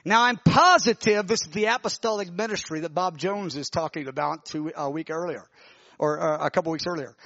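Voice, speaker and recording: High-pitched preacher guy telling his vision, all worked up, dull dry sound. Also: fairly quick, dry recording. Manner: animated, emotional storytelling with many restarts. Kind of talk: sermon testimony, telling a vision.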